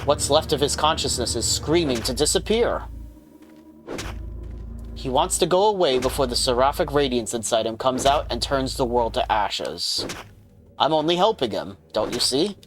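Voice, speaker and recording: A cruel, contemptuous spirit posing as a scornful father, as a man puts it on. It sneers through its lines at a middle pitch. Game music plays clearly behind. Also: lively intonation, normal speed, close to an everyday voice. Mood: sneering.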